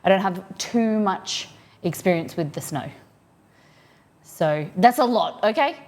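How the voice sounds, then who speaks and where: A woman's voice: medium pitch, animated, measured pace, darkish tone. An Australian woman livestreaming from her home office, chatting casually and rambling as she reads out viewers' messages.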